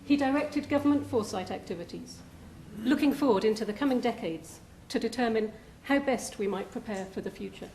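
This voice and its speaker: A woman hosting an event, reading a formal, measured introduction of the guest speaker. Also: a little high, a little mellow, a little hiss or hum. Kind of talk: scripted introduction. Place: lecture hall. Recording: echoey hall sound.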